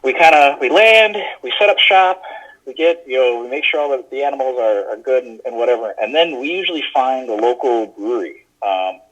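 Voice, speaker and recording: A man's voice: medium pitch, animated, brisk, a bit bright, highs cut off. A man guesting on a podcast, telling stories in a loose, chatty way with lots of fillers and restarts. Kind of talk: casual conversational storytelling.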